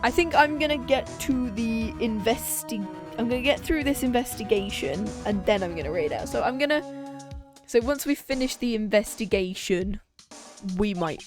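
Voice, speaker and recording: A young woman streaming a game, reading its dialogue aloud and chatting with quick reactions. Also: fairly high pitch.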